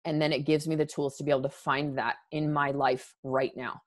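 A woman's voice: sits low, flat delivery, fairly quick. A woman in her thirties, a podcast guest talking candidly and emphatically. She restarts her sentences often and is close to tears. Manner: earnest and emphatic, with frequent restarts. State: emotional, near tears. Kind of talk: candid conversational interview.

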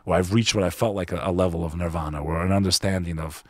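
A man's voice: low voice, fairly even intonation, fast talker, dry recording. A man in his forties from New York, a podcast guest telling a personal story in casual chat, earnest and confessional, calling the listener bro. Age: 40s.

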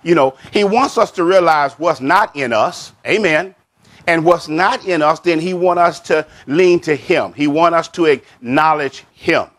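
A man preaching a sermon as pastor, repeating and stressing key words, stretching scripture phrases slowly and sinking his voice at the end of each point, with frequent calls of amen. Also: fairly bright tone. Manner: drops pitch and volume at the end of a point; frequent amen and child of God to the congregation.

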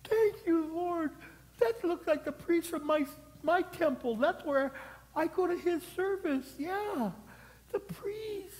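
A beaten, dying man calls out in a thin, high, strained voice that sits far above a normal speaking voice, as a preacher puts him on. The sound rings with a long reverb, as in a big church hall. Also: animated, slow, darkish tone, heavily acted. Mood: overjoyed.

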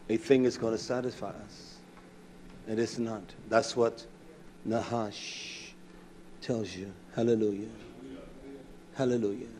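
A man preaching a fiery sermon, swinging between shouted declarations and hushed asides, acting out conversations. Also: mid-range voice, a little hiss or hum.

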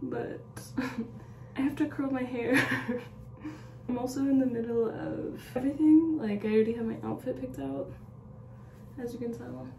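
Young woman rambling thru her get ready routine at home, warm mellow voice, kinda echoey room. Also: fairly high pitch, fairly even intonation, measured pace, a little hiss or hum. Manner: chatty and rambling, laughs often. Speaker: beauty vlogger. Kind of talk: casual get-ready-with-me chat.

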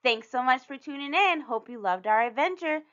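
A woman reading a picture book aloud for children's storytime, animated, with playful sound effects. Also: high voice, moderate pace, dull audio.

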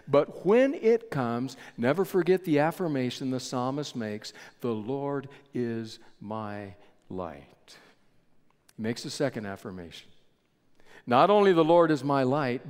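A male pastor preaching a sermon in a measured storytelling style with dramatic pauses, in a large church sanctuary. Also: on the high side. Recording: echoey church hall with long reverb.

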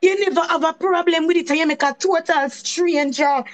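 A woman's voice: very high voice, steady tone, normal speed. A woman with a Jamaican accent telling a heated, repetitive story on a live stream, swearing in patois as she vents about a falling-out. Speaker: channel host.

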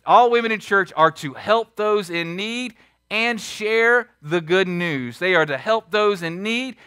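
A man preaching a sermon as pastor, emphatic and full of rhetorical questions, swinging between loud and hushed. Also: sits high, animated, unhurried, clear, resonant tone, no echo, clean studio sound. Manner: asks the congregation many rhetorical questions. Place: church sanctuary.

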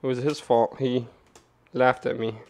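A man giving casual, rambling commentary to his chat while opening card boxes, swearing and jumping from calm talk to loud rants. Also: mid-range voice, measured pace. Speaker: card game streamer.

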